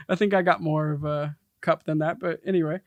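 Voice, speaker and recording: A man in his thirties co-hosts a casual podcast, easygoing and laughing often. His voice sits high for a man. It is recorded dry and close, with almost no room sound. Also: steady tone, normal speed, a little mellow, dry recording. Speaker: podcast co-host, producer.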